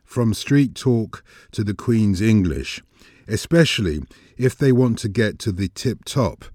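A man's voice: fairly low pitch, expressive, a little slow, a little mellow, no room sound, studio quality. A man hosting a podcast, narrating in rhythmic, rhyming spoken word. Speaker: podcast host.

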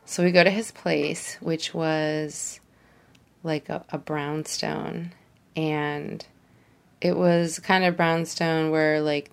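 Slow, gravelly-voiced young woman. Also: sits low. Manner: chatty, lots of "like" fillers. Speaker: podcast host. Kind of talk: casual storytelling.

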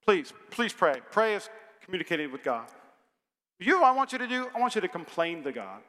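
A man preaching a sermon in a church, energetic and humorous, rising now and then to shouts. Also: sits high, a little fast. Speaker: pastor. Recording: long hall reverb.

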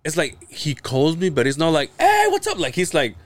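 This podcast co-host is a man whose voice sits fairly high and moves fairly quickly, recorded without echo. In casual chat he tells lively family stories, acting out what relatives said, swearing and laughing a lot.

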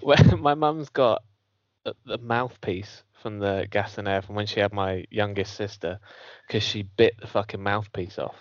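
A man's voice: fairly low pitch, steady tone, a little slow, dry recording. A man telling sweary, laughing stories in casual banter as a podcast co-host. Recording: dry, dull lo-fi sound.

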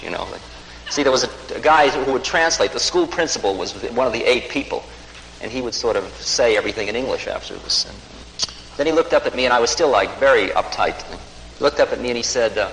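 Male storyteller, lively and animated, recorded in a reverberant hall with faint background noise. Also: medium pitch, normal speed, gravelly, long pauses. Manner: animated storyteller acting out quoted voices. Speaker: spiritual teacher telling a story. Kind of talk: recorded talk, personal storytelling.

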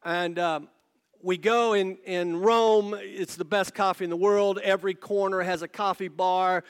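A male pastor with a high, smooth voice preaches a sermon to a congregation during a church service. He tells stories animatedly, slipping in quick asides to the audience.

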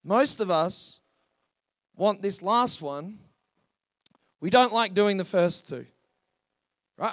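A man's voice: high voice, expressive, takes it slowly, long pauses. A man preaching a sermon as pastor, rallying the congregation with calls and questions.

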